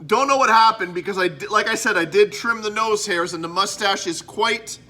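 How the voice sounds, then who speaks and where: A man's voice: sits high, a little fast, sharp tone. A man from Canada hosting a casual show-and-tell vlog about his collectibles, rambling and interrupting himself as he goes. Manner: rambling, self-interrupting, chatty. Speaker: host.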